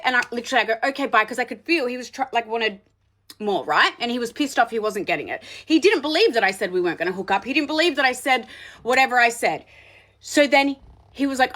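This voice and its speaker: A blunt woman in her thirties tells a first-date horror story as a casual monologue. Her voice sits a little high, and she talks in an animated way, swearing freely and reacting strongly as she goes. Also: quick pace.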